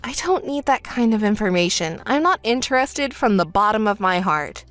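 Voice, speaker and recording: A woman voicing a calm, level-headed young woman who answers her sister flatly and sarcastically, in a texting-story voice-over. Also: medium pitch, normal speed, no room sound, soft background music. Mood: dry. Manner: flat, dry, sarcastic.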